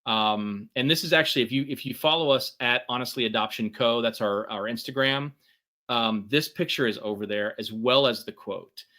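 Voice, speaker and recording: A man's voice: mid-range voice, normal speed, bright, forceful tone. A middle-aged man co-hosting a workshop talk, conversational, with lots of fillers and "right?" checks. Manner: conversational, many fillers and tag questions. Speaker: podcast co-host.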